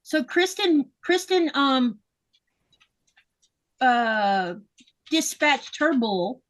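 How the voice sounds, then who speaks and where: A woman's voice: high voice, big pitch swings, extremely slow. A woman hosting a casual livestream, chatting with guests and reading viewer comments aloud. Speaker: livestream host. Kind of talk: casual live chat.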